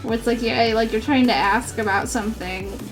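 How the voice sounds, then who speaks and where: A woman's voice: fairly high pitch, fairly even intonation, fairly quick, music in the background. A woman streamer chatting casually while she cross-stitches. She rambles, giggles often and says "like" a lot. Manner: giggly, rambling, heavy use of "like".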